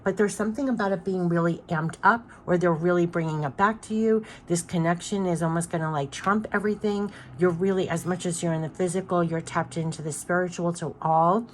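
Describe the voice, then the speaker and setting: A middle-aged woman talks through a spiritual card reading in a loose, chatty way, full of ums and likes. Her voice sits a little low for a woman. She rambles and circles back as she goes. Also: fairly even intonation, a little fast, few pauses, slight background noise. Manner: chatty, rambling, many fillers and "like".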